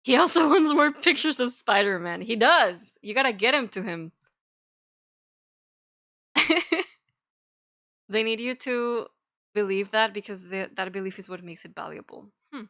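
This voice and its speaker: A woman's voice: a little high, lively intonation, unhurried, long pauses, a bit bright. A young woman streaming, chatting casually and rambling between topics, giggling and swearing now and then. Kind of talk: casual chat.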